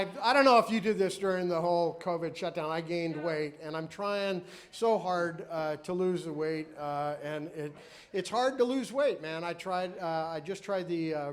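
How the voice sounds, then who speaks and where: High-voiced man doing rambling stand-up. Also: measured pace, a bit bright. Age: middle-aged. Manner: rambling, self-mocking, with restarts and punchlines. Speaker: stand-up comedian. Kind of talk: stand-up routine. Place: comedy club stage. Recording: live club recording with crowd noise. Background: audience laughter.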